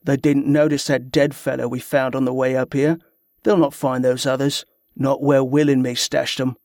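A man voicing a cold-blooded smuggler in an audiobook, flat and bored, with clipped, rough dialect. The sound is dry and close. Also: medium pitch, moderate pace, no echo, natural voice.

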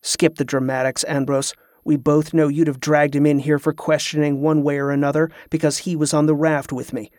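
A man voicing a cool, defiant male prisoner who speaks calmly and levelly, in an audiobook. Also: a little high, fairly quick, hardly any pauses, no room sound, clean studio sound, close to an everyday voice. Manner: calm, level.

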